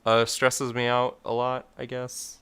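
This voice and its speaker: A man's voice: mid-range voice, monotone, slow pace, fairly bright tone, clean tone. A young man co-hosting a casual podcast, talking in a hesitant, rambling, self-deprecating way. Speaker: podcast co-host.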